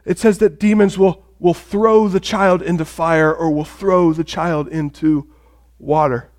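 A man's voice: on the high side, fairly even intonation, a little slow, a little mellow. A male pastor preaching a sermon and retelling a story with drama, speaking directly to the congregation.

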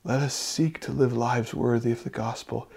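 A male pastor preaching a sermon, building to loud fervent peaks and dropping to hushed, intimate passages. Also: mid-range voice, fairly even intonation, normal speed, gravelly, slightly rough.

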